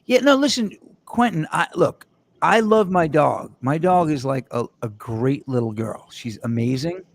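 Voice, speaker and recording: A man's voice: fairly high pitch, expressive, unhurried. A man hosting a casual podcast, telling rambling jokey stories with his co-hosts. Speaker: host.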